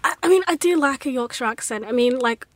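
A woman's voice: sits high, lively intonation, fast talker. A woman with a northern English accent, a guest talking with many ums and frequent giggles. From northern England.

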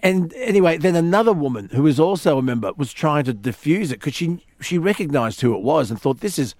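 Animated Australian male radio host. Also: fairly high pitch, a little fast, dry recording. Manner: animated storyteller, acts out quotes. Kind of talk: storytelling on a talk radio show.

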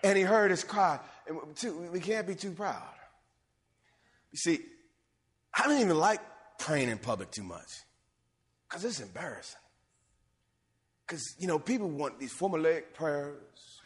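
A man preaches in a church sanctuary, his pitch a touch high and his delivery swinging widely from hushed asides to near-shouts. A long reverb trails each phrase, as in a large church. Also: a little slow, long pauses. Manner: animated preaching, rising to near-shouts and dropping low. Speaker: pastor. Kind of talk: sermon.

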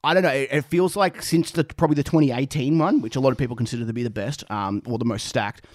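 Fast-talking young Australian man. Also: medium pitch, no room sound, clean studio sound. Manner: animated, swearing, laughing a lot. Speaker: podcast co-host. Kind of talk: casual chat.

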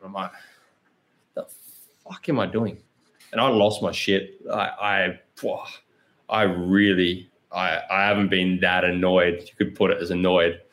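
A man's voice: low voice, little pitch movement, unhurried, a bit bright. An Australian man in his thirties, a guest on a podcast, telling stories candidly, swearing freely and laughing often. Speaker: guest, pro cyclist. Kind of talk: casual podcast chat.

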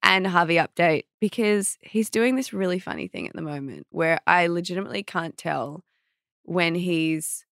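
A woman's voice: lowish voice, normal speed, gravelly, a bit bright, no room sound, studio quality. A young woman hosting a podcast, telling a funny story in casual chat with frequent laughs. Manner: chatty storyteller, laughs often, acts out quotes. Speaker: podcast host.

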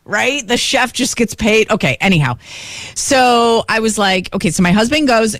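A woman's voice: on the high side, normal speed, dry recording, clean studio sound. A woman telling a story in casual chat, acting out the voices of the people in it. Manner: animated storyteller, acts out voices.

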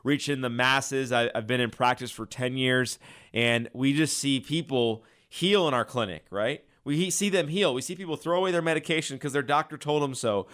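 A man hosting a health radio show, telling a patient's story and pitching his clinic with passion. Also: normal speed, fairly bright tone, smooth. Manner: enthusiastic, passionate sales pitch. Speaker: radio show host and chiropractor.

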